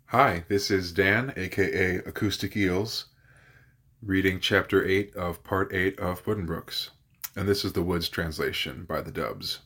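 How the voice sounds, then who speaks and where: A man narrating a classic novel as a guest reader, measured, with an occasional slip and correction. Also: sits low, a bit bright, slightly rough. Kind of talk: audiobook narration.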